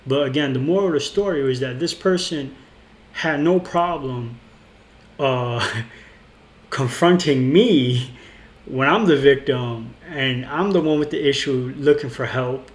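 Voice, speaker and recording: A man's voice: mid-range voice, measured pace. A man telling a personal story in a casual, rambling way, indignant, with many restarts and fillers. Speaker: vlogger. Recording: roomy with faint ambience.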